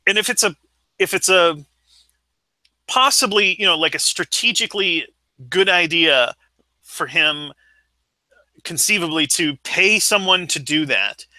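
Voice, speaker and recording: A man's voice: sits high, a little slow, long pauses, pushed and bright, dry recording, poor audio. A man in casual podcast chat, telling a rambling story with many halts and restarts.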